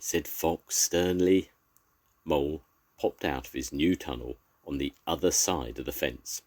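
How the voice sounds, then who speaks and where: A man's voice: extremely low pitch, measured pace. An older man, a grandfather, expressively reading a children's story aloud.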